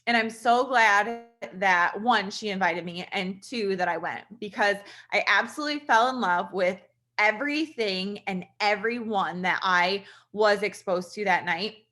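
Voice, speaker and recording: A woman's voice: medium pitch, a little slow, sharp tone, faint music behind. A woman in her thirties, a registered nurse, telling her personal story in an earnest, chatty way, addressing listeners as "you guys". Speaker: registered nurse sharing a testimonial. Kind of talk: casual personal testimonial to an audience.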